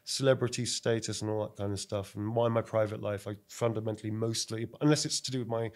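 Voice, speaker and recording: A middle-aged man with a London accent, an actor and director chatting casually on a podcast, animated and laughing often. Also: on the low side, quick pace.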